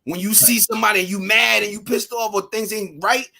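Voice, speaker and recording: A man's voice: high voice, steady tone, brisk, gravelly, sharp tone. A man co-hosting a casual group conversation, easygoing and reflective, reading out game questions. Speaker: co-host.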